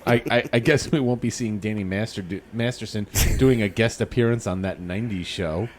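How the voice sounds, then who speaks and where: Low-voiced man in casual podcast chat. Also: fairly quick, a little hiss or hum. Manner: swears freely, jumps into loud cartoonish impressions. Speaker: podcast co-host.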